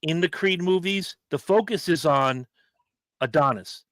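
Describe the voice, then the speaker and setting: Guy co-hosting a chill podcast, bright punchy voice, dry close sound, animated. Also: a little high, no room sound. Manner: animated, quick to act out movie quotes. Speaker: podcast co-host. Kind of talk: casual chat.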